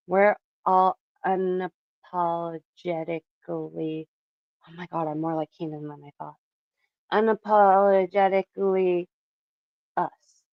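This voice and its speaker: A woman in her thirties from Canada, chatting loosely on her live stream with a fairly low voice. She rambles, laughs a lot and drops casual swears, and the audio is dry and a bit dull and lo-fi. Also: dry recording. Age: 30s.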